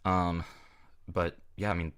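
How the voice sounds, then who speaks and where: A man's voice: low-pitched, level tone, measured pace, a bit bright, clear, resonant tone, dry recording, studio quality. A man on a call asking tentative questions full of fillers. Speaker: interviewer on a call. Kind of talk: casual call conversation.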